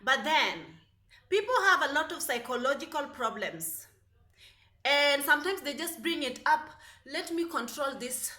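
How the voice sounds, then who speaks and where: A woman talking in a casual, chatty vlog, sassy and animated, full of fillers, English not her first language, filming herself with a phone. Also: sits high, a little slow. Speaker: vlogger. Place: apartment in the United Arab Emirates. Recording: echoey room, faint music.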